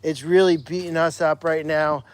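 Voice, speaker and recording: A man with a notably high voice hosts a casual livestream outdoors at an animal sanctuary. He chats easily with viewers between tasks and calls the animals by name as he feeds them. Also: fairly even intonation, moderate pace, a little hiss or hum.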